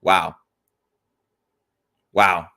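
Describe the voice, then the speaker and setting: A man's voice: low voice, flat delivery, very slow, vocal fry, bright, forceful tone. A young man hosting political reaction commentary, angrily reading viewer comments and a news article aloud with frequent profanity. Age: young adult. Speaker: commentary channel host.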